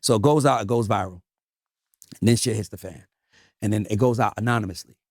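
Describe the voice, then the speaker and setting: Man, interview guest, rapid, emphatic, swearing, animated, dry close sound. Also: lowish voice, no echo. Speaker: music manager guest. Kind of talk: casual interview storytelling.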